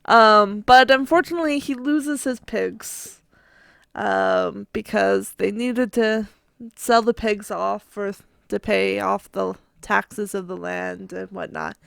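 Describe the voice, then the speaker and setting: A woman telling a story for a casual family podcast, slow and halting, often breaking into giggles. Her voice sits on the high side with a gravelly fry. The sound is close and dry. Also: a bit bright, dry recording. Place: home.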